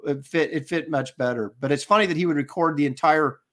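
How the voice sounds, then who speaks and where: A middle-aged co-host with a somewhat high, slightly bright voice talks fast in a loose, casual chat. Eager, he rambles, circling back and restarting as he thinks out loud.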